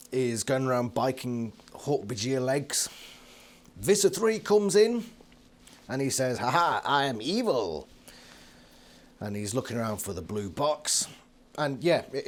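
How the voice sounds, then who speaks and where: A British man giving a casual, sarcastic book review from his living room, swearing freely and laughing often. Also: mid-range voice.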